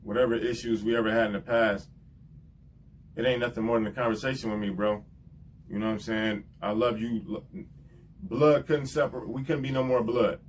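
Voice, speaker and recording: A man, a rapper hosting his own show, giving heartfelt, rambling shout-outs in casual slang and often adding "you know what I'm saying". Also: mid-range voice, steady tone, moderate pace, recorded from a distance, a little hiss or hum.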